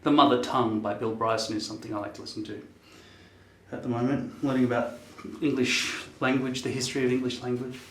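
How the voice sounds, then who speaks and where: A middle-pitched man in his fifties chats to camera in a loose, wandering way, cursing casually as he thinks aloud. The room around him is echoey. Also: flat delivery, quick pace, slight background noise. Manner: rambling, swears casually, muses aloud. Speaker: vlogger. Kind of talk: casual rambling chat to camera.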